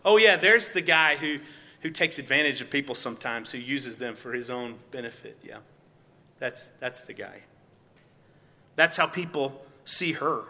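A man's voice: a little high, pushed and bright. A man in his forties preaching a sermon, earnestly telling stories and acting out the voices in them. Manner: earnest storytelling, acts out quoted voices. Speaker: pastor. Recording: long reverb of a large hall.

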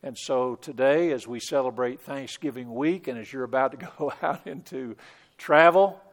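A man's voice: mid-range voice, moderate pace. A middle-aged man telling a personal story in a chapel devotional talk, earnest, with small restarts. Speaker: preacher.

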